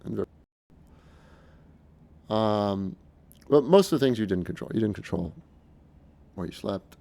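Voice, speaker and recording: A middle-aged man talking in a casual, unscripted monologue, earnest and halting, often restarting his sentences. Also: lowish voice, expressive, vocal fry, dark tone. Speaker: speaker recounting his experiences.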